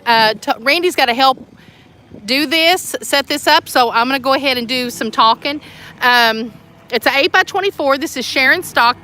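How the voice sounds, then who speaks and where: Bright, excited woman livestreaming outdoors. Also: high-pitched, a little hiss or hum. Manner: chatty, excited, rambling. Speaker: tiny home community host. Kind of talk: casual livestream walkthrough. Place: outdoors at a building site.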